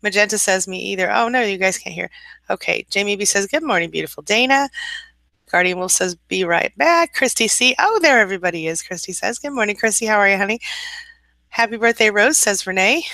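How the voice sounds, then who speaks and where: Female live-stream coach, early-morning tired, laughs a lot, bright crisp voice. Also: mid-range voice, animated, fairly quick, dry recording. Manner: chatty, laughs often, greets viewers warmly by name; soft, reassuring advice. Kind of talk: casual live-stream chat reading viewer comments.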